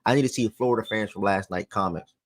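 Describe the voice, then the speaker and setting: A man's voice: fairly low pitch, fast, no echo. A man hosting a sports talk show in a loose, slangy way, repeating phrases for emphasis and getting worked up.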